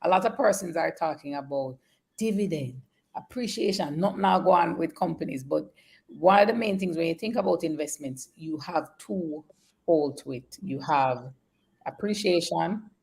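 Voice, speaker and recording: Female analyst, low-pitched with vocal fry, insistent advice to viewers. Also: moderate pace, darkish tone. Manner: insistent, repeats her key point. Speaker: market analyst. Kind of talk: advising viewers on a live show.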